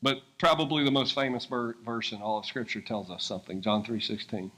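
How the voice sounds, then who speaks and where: A man pastoring a church service and interviewing guests on stage, excitable and laughing, swinging between loud bursts and hushed asides. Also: mid-range voice, moderate pace. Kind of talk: sermon-style interview on stage.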